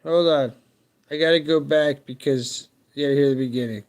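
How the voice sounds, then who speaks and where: A man's voice: on the high side, steady tone, normal speed, a little mellow. A man hosting a casual livestream, laid-back and crude, joking as he plays a clip. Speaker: livestream host reacting to clips.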